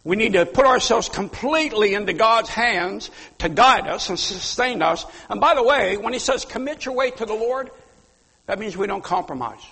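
Male pastor, husky, emphatic sermon delivery, long church-hall reverb. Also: high-pitched, expressive, moderate pace. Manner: fiery, emphatic preaching with sudden loud outbursts.

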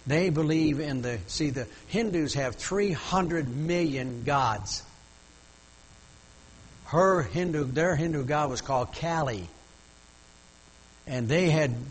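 A man's voice: medium pitch, slightly rough, poor audio. An older male pastor telling a story in a sermon, folksy and full of restarts, rising to emotional emphasis.

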